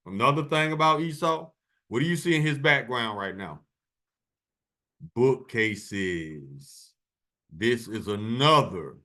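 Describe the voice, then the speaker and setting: A man's voice: medium pitch, fairly bright tone. Emphatic man hosting a commentary. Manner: emphatic, colloquial, repeats key words. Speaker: channel host. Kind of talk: preachy commentary over video clips.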